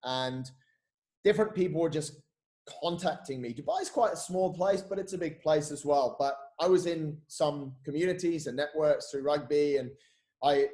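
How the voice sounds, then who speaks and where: A man, a podcast guest and coach telling stories in casual, animated chat, swearing and saying "mate" a lot. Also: a little high, normal speed.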